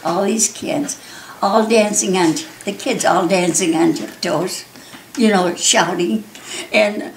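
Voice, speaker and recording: An older woman telling a personal story, lively and often laughing, with many restarts. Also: medium pitch, slow, a little hiss or hum. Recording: roomy echo, faint ambience.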